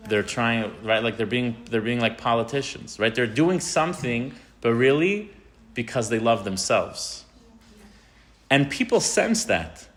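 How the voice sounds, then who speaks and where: A rabbi giving an informal, animated talk to teenagers. He tells a story and often asks the audience questions. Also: mid-range voice, unhurried. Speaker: rabbi teaching teens.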